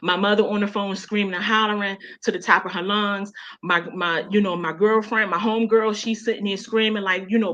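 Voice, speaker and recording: A woman's voice: medium pitch, steady tone, normal speed, bright, forceful tone. A woman with a Baltimore accent telling a personal story as a guest on a radio show, emotional and conversational, full of "you know". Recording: dull lo-fi sound.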